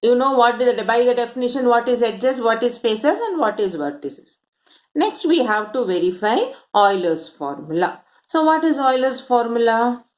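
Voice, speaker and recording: Woman, maths teacher, step-by-step explanation, rhetorical questions, animated pitch. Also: moderate pace. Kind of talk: classroom lesson.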